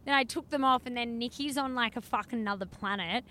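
Young woman co-host, self-deprecating and casually sweary, slightly high and bright, car recording with faint road noise. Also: quick pace. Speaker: podcast co-host. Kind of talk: casual chat. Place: inside a car.

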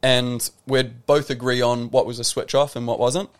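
A man's voice: mid-range voice, level tone, moderate pace. Reflective New Zealand man telling stories. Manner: reflective storytelling, lots of "like" and restarts. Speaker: guest, professional tennis player. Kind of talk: casual podcast interview.

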